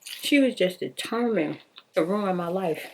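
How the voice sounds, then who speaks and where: A woman casually telling a personal story in an animated, slangy way, laughing often. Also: fairly low pitch, unhurried, a little hiss or hum.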